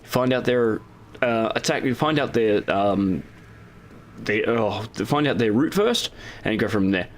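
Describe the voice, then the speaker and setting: A man's voice: lowish voice, animated, unhurried, a little hiss or hum. A man hosting his own gaming channel, casually talking over recorded gameplay in a rambling way with lots of fillers and restarts.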